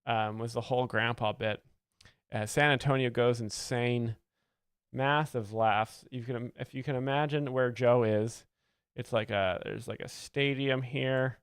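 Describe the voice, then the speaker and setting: A man giving earnest, rambling, deadpan mock-expert commentary as a comedy show host, close to the mic. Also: medium pitch, clean tone, dry recording.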